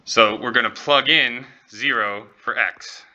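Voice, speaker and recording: A male professor lectures in a classroom, walking students through a problem step by step and checking that they follow. His voice is very bright and forceful. The recording is slightly muffled. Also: mid-range voice, a little slow. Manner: light, joking asides. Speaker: economics professor.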